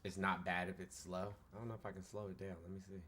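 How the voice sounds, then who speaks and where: Man, very deep voice, laid-back, probing, live stream host. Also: flat delivery, quick pace, bright, forceful tone, slight background noise.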